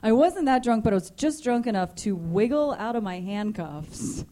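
A woman co-hosts a live comedy talk show from a ballroom stage. She tells her stories in a joking, deadpan way. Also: a little high, moderate pace. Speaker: comedy co-host.

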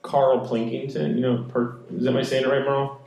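A man's voice: mid-range voice, flat delivery, brisk, creaky, darkish tone, echoey room, lo-fi sound. A man hosting a podcast, teasing his guests with swearing, comic banter. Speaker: podcast host.

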